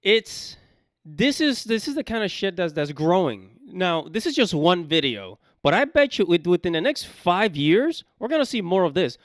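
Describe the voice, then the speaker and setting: A man from the United States reacts to a video in loud, casual commentary, cursing freely. His voice is higher than most men's and swings widely in pitch. The sound is dry and close. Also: moderate pace, no room sound. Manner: loud, animated, swearing freely.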